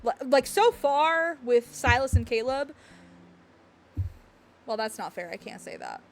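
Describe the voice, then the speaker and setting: A woman streaming, chatting excitedly and rambling, with frequent laughs and apologies. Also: sits high, unhurried, vocal fry, slight background noise. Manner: gestures and hits the desk when excited. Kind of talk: excited livestream chat reacting to a game. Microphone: desk mic picking up thumps.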